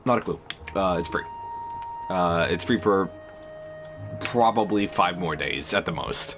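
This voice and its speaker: Laid-back deep-voiced male streamer. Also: measured pace, over music. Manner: laid-back, rambling, lots of fillers. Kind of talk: casual live-stream commentary.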